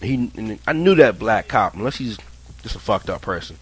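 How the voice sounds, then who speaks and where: A man's voice: on the low side, moderate pace, breathy edge. A man telling a personal story in a casual, rambling way, swearing often and restarting his sentences. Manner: profane, rambling, animated retelling with many restarts.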